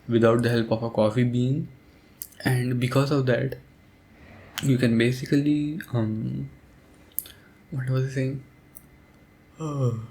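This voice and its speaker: A young man rambling sleepily about a game as a sleep aid, soft-spoken and hesitant, with many pauses and fillers. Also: medium pitch. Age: young adult. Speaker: audio creator.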